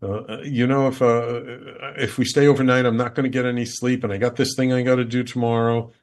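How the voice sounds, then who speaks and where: A man voicing his anxious, fretful wife, talking in a whiny, hurried way. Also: sits low, fairly bright tone, husky.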